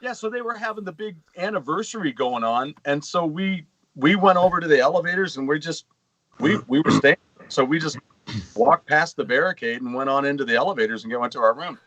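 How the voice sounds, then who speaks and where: A man's voice: fairly high pitch, animated, fairly quick, a bit bright, no echo, poor audio. A middle-aged man co-hosting a gaming podcast, telling long rambling anecdotes in casual chat. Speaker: podcast co-host.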